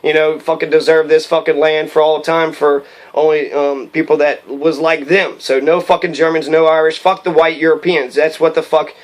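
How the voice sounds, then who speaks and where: Guy rambling and cursing about history, kinda high voice. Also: flat delivery, moderate pace, poor audio. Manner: rambling, cursing, full of fillers and restarts. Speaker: history commentator. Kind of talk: rambling profane commentary.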